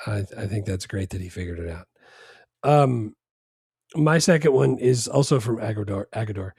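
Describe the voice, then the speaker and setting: A man's voice: fairly low pitch, lively intonation, normal speed, darkish tone, breathy edge, no room sound, studio quality. A man co-hosting a podcast, chatting casually about a film in a rambling, laid-back way with lots of fillers and restarts. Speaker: podcast co-host. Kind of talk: casual movie chat.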